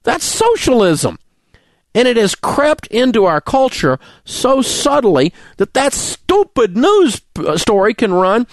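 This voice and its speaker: A middle-aged man with a drawl rants furiously into a studio microphone. His voice sits high and swings wildly between low growls and shouted peaks. The sound is close and dry. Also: sing-song, slow, dry recording. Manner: angry, indignant, name-calling rant. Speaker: radio talk show host. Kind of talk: ranting talk radio monologue.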